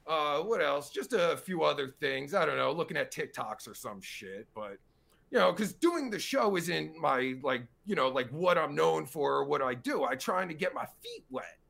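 A man's voice: a little high, sing-song, moderate pace, vocal fry, a bit bright. A man reacting to a recording of his own interview, swearing heavily and ranting in exasperation. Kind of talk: angry reaction commentary.

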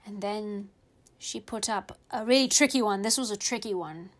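A woman telling a funny story in a chatty, animated way, acting out the characters' voices. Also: mid-range voice, moderate pace. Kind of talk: casual storytelling.

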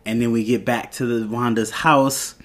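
A man's voice: mid-range voice, steady tone, normal speed, a bit bright. Casual man recapping a TV episode. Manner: retells scenes with quoted dialogue, loose and rambling. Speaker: podcast host.

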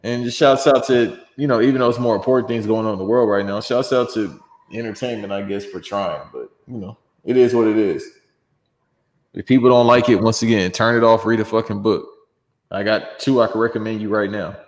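A man's voice: lowish voice, fairly even intonation, brisk, long reverb tail. A man co-hosting a casual wrestling chat show, talking in loose, slangy, profane banter. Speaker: podcast co-host.

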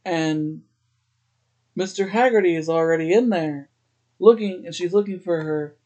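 Mellow, higher-voiced male podcast host. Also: measured pace. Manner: loose retelling, reads out quoted dialogue. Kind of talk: casual episode recap.

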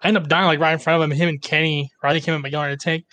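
Fast-talking, higher-voiced young-sounding man. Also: level tone, sharp tone, no echo. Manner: fast slangy chatter with many likes and bros. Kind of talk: casual chat.

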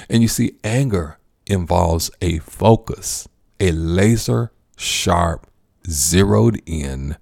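A man preaching a sermon, addressing listeners as friends and repeating key lines slowly for emphasis. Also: low-pitched, creaky, a little mellow, no echo, studio quality.

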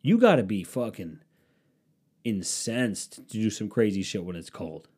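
Profane rambling man, low mellow voice. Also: very animated, measured pace, husky. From Cleveland, Ohio area. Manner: profane, sarcastic, riffing on tangents. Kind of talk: casual rambling monologue.

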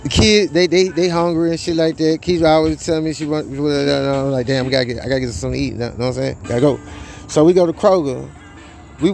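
A man's voice: fairly high pitch, darkish tone. A young man telling a long, rambling, profane story about a custody fight, repeating "you know what I'm saying" and trailing off into restarts. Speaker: father telling his side of a custody dispute. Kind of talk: casual storytelling monologue. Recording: faint music behind.

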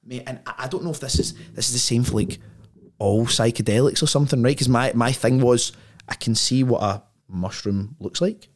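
A man's voice: medium pitch, fairly quick. A man, a podcast guest telling a story in a casual, slangy way, full of "like" and "right?".

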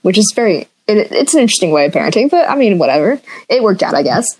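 A woman's voice: medium pitch, quick pace, breathy edge. A young woman co-hosting a podcast, chatting casually and telling childhood stories with giggles. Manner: giggly, animated storytelling. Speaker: podcast co-host. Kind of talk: casual chat.

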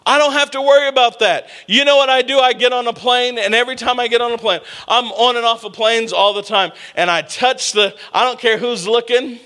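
A man preaching a sermon full of humorous personal stories. His voice sits high and sounds bright and forward. He keeps calling out to the congregation as he goes. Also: fairly quick, few pauses. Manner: animated, humorous, calls out to the congregation. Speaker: pastor. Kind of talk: storytelling sermon.

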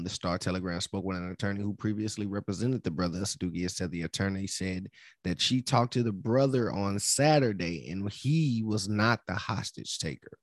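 A man's voice: low-pitched, no echo, studio quality. A man co-hosting a podcast, reading a news story aloud and often stumbling over words and correcting himself. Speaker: podcast co-host.

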